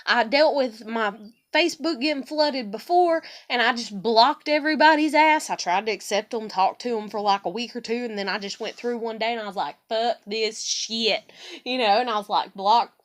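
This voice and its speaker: A woman vlogging a casual, irritated rant, swearing often and acting out conversations in quoted voices. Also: sits high.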